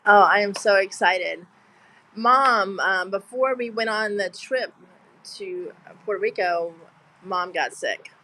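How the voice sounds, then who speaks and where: A woman's voice: mid-range voice, takes it slowly, bright, forceful tone, a little hiss or hum, rough recording. A woman, talking on a video call in a heartfelt, rambling way, full of restarts. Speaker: guest. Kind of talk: emotional casual chat.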